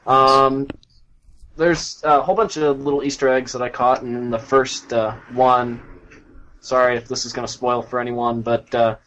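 A man with a mid-pitched voice, co-hosting a casual gaming podcast. He talks with gushing enthusiasm, often pausing on fillers and restarting his sentences. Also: little pitch movement, a bit bright, slight background noise, rough recording.

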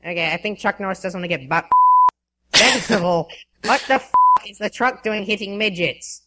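A man's voice: high-pitched, normal speed, background noise. A man with an Australian accent, bantering on a casual podcast and swearing freely. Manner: crude, swears a lot. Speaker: podcast co-host.

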